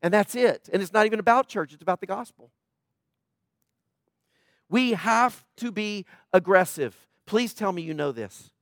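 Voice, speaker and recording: A man's voice: sits high, expressive, normal speed, long pauses, no echo, clean studio sound. A man preaching a sermon in church, urgent and emphatic, driving his points home through repetition. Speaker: pastor.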